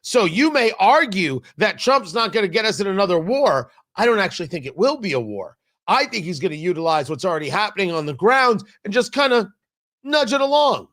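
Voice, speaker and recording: A man's voice: sits high, big pitch swings, fairly quick, a bit bright. A man hosting a talk show, giving an opinionated and emphatic political commentary monologue with a mocking edge at times.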